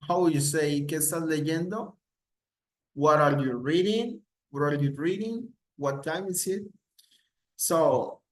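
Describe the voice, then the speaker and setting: Slow, repetitive male teacher. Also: fairly high pitch, fairly bright tone, low-quality recording. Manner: slow, repeats each example several times, switches between English and Spanish. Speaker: English teacher. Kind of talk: bilingual grammar lesson.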